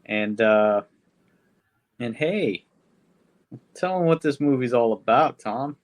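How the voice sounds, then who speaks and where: A man's voice: medium pitch, lively intonation, slow. A man hosting a podcast, reviewing a movie in rambling casual chat full of swearing. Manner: rambling, swearing, frequent fillers. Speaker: podcast host. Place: podcast studio.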